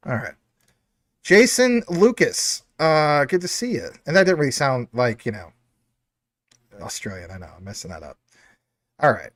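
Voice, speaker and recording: A man's voice: medium pitch, very animated, normal speed, pauses often, fairly bright tone, no echo. A man hosting a casual livestream, reading out chat comments in an upbeat, chatty, jokey way. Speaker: livestream host.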